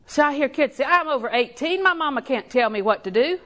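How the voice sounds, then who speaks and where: An older woman preaching a sermon in a folksy, storytelling way, with slow emphatic repetition. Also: sits high, animated, a bit bright.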